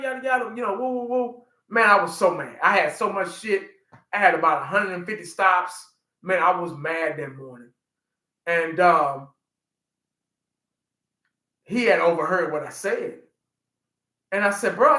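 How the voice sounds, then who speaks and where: A man in his forties chatting casually on a livestream, an animated storyteller who laughs often and talks to his chat. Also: sits high, reverberant, low-quality recording. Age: 40s. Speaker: livestream host.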